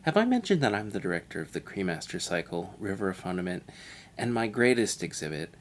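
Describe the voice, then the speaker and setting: Deep-voiced man doing pompous mock commentary. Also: very animated, fairly quick. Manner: pompous, self-satisfied and absurd. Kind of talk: parody audio commentary over a video.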